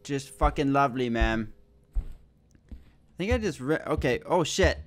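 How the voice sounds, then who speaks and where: A man's voice: mid-range voice, lively intonation, moderate pace. A young man commentating a horror game as he plays, swearing often and joking nervously. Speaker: gaming YouTuber.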